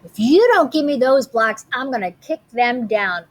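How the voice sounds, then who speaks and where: A woman's voice: on the high side, animated, moderate pace. A woman doing a headstrong little girl. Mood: defiant.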